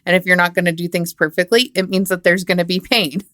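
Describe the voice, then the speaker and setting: A woman's voice: lowish voice, flat delivery, quick pace, fairly bright tone, no echo, clean studio sound. A woman co-hosting a podcast, reflecting thoughtfully in a conversational way, often saying "you know". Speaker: podcast co-host.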